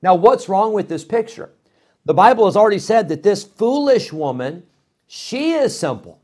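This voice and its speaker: A middle-aged man preaching a sermon in a folksy, animated way, with frequent fillers and restarts. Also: high voice, moderate pace, husky.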